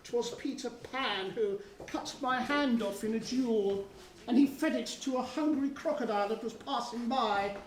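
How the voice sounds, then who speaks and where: Pantomime villain: woman as a pompous pirate captain, high and unhurried, caught from far off in a hall. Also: close to an everyday voice. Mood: gloating. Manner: pompous, gloating, theatrical. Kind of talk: amateur pantomime stage acting. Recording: echoey hall from far off, audience.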